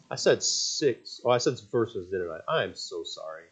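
Expressive yet fairly low-pitched, this male pastor speaks at a moderate pace with few pauses and a breathy edge. His sermon has the congregation reading scripture aloud, moving between fervent earnestness and jokes at his own expense.

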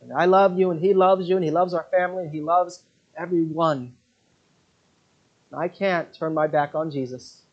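A man's voice: fairly high pitch, steady tone, normal speed. A preacher playing a faithful woman convert, earnest and resolute, muffled recording. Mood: tender. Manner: earnest, resolute, quoting scripture. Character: devout middle-aged woman convert, steadfast. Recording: dull lo-fi recording.

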